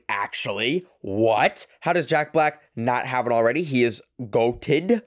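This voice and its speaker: A man's voice: mid-range voice, normal speed, no echo, clean studio sound. A young man from Canada hosting his own podcast, talking in a loose, rambling monologue full of fillers and swearing, recorded in his small apartment bedroom. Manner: rambling, profane, heavy on fillers. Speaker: podcast host. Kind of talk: casual monologue.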